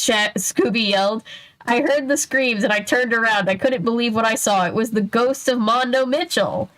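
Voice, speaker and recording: A woman reading a children's mystery book aloud on a stream, breaking off to chat and answer comments. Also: mid-range voice. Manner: chatty, digressive, reads aloud then comments and answers chat. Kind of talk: casual read-aloud with chat.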